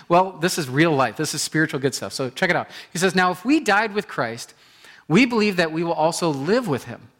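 A man preaching a sermon in an animated way, acting out inner voices and repeating phrases for emphasis. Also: a little high, normal speed. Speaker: pastor.

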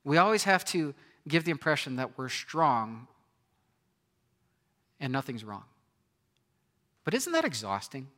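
A man's voice: medium pitch, very animated, unhurried, long pauses, sharp tone. A man preaching a sermon in a conversational way, often asking his listeners rhetorical questions. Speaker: pastor.

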